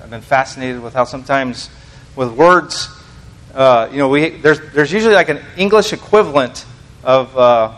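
A man's voice: mid-range voice, a bit bright. An American man giving an informal sermon to a small congregation, rambling and self-deprecating, full of fillers and restarts. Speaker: lay preacher.

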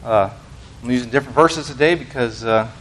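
A man's voice: mid-range voice, brisk, fairly bright tone. An American man giving an informal sermon to a small congregation, rambling and self-deprecating, full of fillers and restarts. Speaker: lay preacher.

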